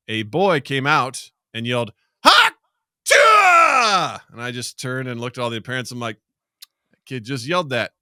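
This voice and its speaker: A middle-aged man co-hosting a podcast, telling stories in a casual, animated way and acting out quotes, sometimes with shouts. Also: mid-range voice, no echo, studio quality. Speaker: podcast co-host. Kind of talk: casual chat.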